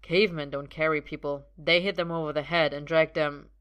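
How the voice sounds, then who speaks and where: Storybook role: woman reader doing a fussy, self-assured young man, lowish bright voice, protective. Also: fairly even intonation, fairly quick, clean tone. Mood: concerned. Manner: concerned, grim and a touch lofty. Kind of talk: audiobook reading.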